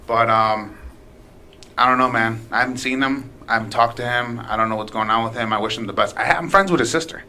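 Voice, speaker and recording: A man's voice: on the low side, steady tone, quick pace, sharp tone, slight background noise. A young man hosting a podcast, talking in an earnest, casual way and calling people "man" and "dude". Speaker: podcast host. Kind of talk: casual chat.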